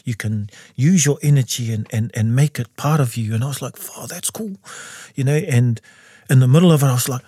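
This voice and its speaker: A man in his forties with a New Zealand accent, a composer guest telling his story in a studio interview and jumping into high voices when he quotes people. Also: fast, dark tone, slightly rough, dry recording. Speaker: guest, composer and taonga pūoro player.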